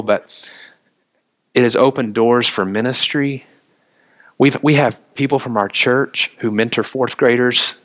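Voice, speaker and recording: A man's voice: medium pitch, a bit bright. A man, a minister preaching a sermon and telling stories from his neighborhood life. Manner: storytelling, quotes others in conversation.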